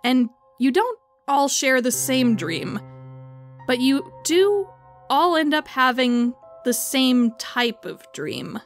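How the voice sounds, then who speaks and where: A woman narrating as game master of a tabletop game, calmly prompting her players. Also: high voice, slow, faint music behind.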